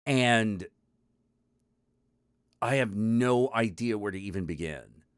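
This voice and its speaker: A man's voice: fairly low pitch, slow, clear, resonant tone, no echo, studio quality. A man hosting his own stream, ranting casually and profanely to his chat, rambling and exasperated with lots of restarts. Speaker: stream host.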